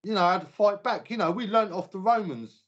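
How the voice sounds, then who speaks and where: British man, fairly high voice, emphatic lecturing chat, muffled audio. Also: a little fast, a bit bright. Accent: British English. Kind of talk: casual podcast chat. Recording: slightly muffled podcast audio.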